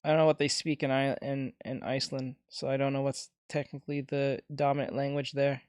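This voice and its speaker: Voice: medium pitch, flat delivery, fairly quick, darkish tone, no room sound, studio quality. A streamer chatting casually while reacting to clips and reading chat, rambling and often laughing.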